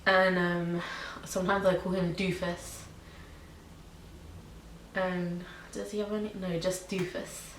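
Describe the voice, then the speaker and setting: Young woman vlogger from Britain or Ireland, lowish even voice, rambling and chatty, in an echoey room with a faint hiss. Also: takes it slowly, pauses often. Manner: chatty, many ums and likes. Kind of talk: casual pet tag video.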